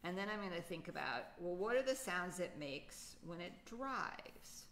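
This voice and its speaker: A woman's voice: fairly low pitch, expressive, unhurried, fairly bright tone, a little hiss or hum. A woman teaching a children's poetry lesson, patiently thinking aloud with many fillers. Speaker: writing teacher.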